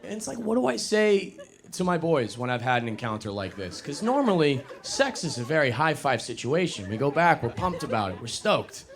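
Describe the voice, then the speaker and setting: Self-deprecating young stand-up comedian. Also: male voice, fairly high pitch, normal speed, few pauses, a little hiss or hum. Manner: casual, self-deprecating, animated crowd work.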